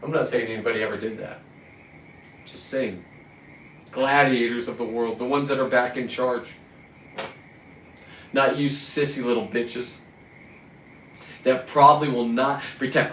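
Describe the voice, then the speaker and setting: A man's voice: medium pitch, steady tone, a little slow, long pauses, fairly bright tone. Profane, combative man ranting from afar. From California. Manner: combative, profane, talks to the lobsters. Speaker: recreational lobster fisherman. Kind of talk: ranting vlog monologue. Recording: roomy, distant mic, faint ambient noise.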